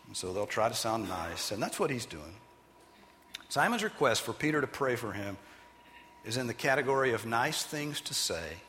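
Pastor guy preaching, really lively ups and downs, bright voice, big echoey hall. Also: mid-range voice, a little hiss or hum. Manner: animated, emphatic preaching with sudden loud acted quotes. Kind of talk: sermon.

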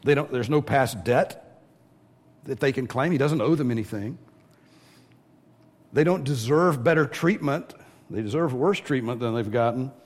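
A man's voice: medium pitch, normal speed, long pauses. A man preaching a sermon, teaching verse by verse and briefly acting out the voices of the people he describes. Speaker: pastor.

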